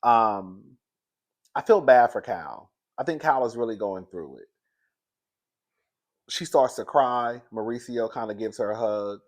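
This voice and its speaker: A man in a casual, gossipy chat recapping a reality show, animated and laughing often, speaking. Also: medium pitch, a little slow, pauses often. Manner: chatty, gossipy and animated, laughs often, says "girl" a lot.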